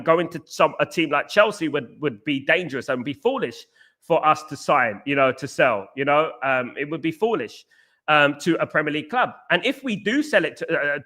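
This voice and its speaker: Chatty man with a bright voice. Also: on the high side. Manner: chatty, repeats phrases, calls viewers mate and bruv. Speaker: fan channel host reading viewer messages. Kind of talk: casual livestream chat.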